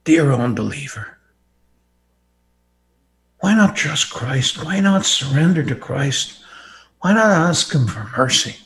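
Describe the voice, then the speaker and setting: Impassioned Irish preacher. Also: male voice, animated, slow, pauses often, fairly bright tone. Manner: impassioned, emphatic, with wide swings of pitch. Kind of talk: sermon.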